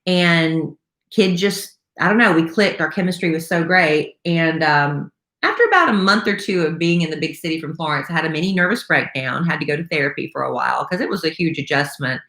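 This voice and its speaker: A radio host in her 50s from South Carolina, USA, tells her story in a chatty live-stream conversation loaded with fillers. Her voice sits low but is lively in intonation, brisk and fairly bright. The home room she's in gives a roomy echo.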